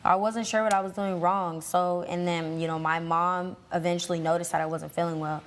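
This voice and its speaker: A woman's voice: lowish voice, steady tone, fairly quick, slight background noise. A teenage girl testifying on a court show, hesitant and full of fillers as she tells her side. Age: late teens. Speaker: litigant's daughter.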